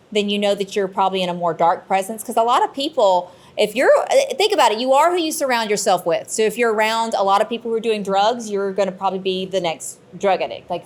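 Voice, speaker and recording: Woman, panel storyteller, lively and expressive. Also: medium pitch. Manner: animated storyteller, acts out quotes. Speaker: paranormal investigator panelist. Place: convention panel room.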